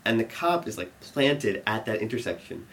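A young man telling a rambling story to an audience, full of fillers, growing animated and laughing as it builds. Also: on the low side, normal speed, slight background noise.

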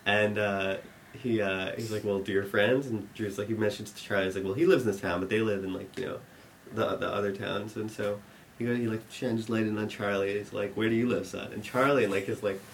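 A man's voice: lowish voice, flat delivery, fairly quick, a little hiss or hum. A young man telling a long funny story, rambling with many restarts and laughing at his own lines. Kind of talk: live storytelling.

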